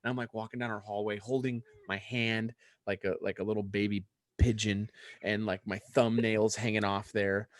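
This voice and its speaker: A young adult man co-hosting a podcast in casual chat, telling a story in an animated way and acting out the lines he quotes. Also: lowish voice, normal speed, no room sound, clean studio sound. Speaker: podcast co-host.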